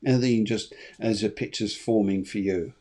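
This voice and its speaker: A man's voice: on the low side, fairly even intonation, normal speed, mellow. A man working as a medium, chatting and relaying messages on a live reading show, often repeating his phrases. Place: lives in Spain.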